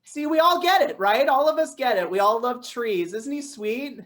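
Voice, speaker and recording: A woman's voice: on the high side, expressive, moderate pace, fairly bright tone. A woman playing an overly friendly, tree-loving rally mom in an improv comedy scene. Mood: gushing.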